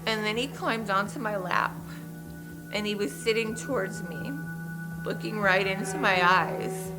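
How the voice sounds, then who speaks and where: Woman giving halting first-person testimony. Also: mid-range voice, music in the background, rough recording. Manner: halting, measured recounting with pauses and restarts. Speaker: survivor recounting her ordeal.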